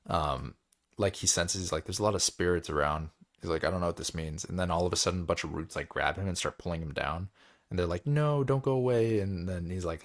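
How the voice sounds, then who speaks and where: Yawning and worn out, a book club host with a low voice gives a loose recap of a book chapter. He wanders, leans heavily on filler words, and briefly voices the characters as he paraphrases them.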